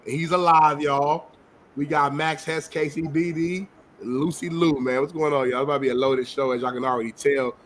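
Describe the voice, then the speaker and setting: A man's voice: fairly high pitch, fairly even intonation, brisk, a bit bright. Teasing man co-hosting, faint noise behind. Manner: teasing banter, greets the live chat. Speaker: podcast co-host. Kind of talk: casual chat.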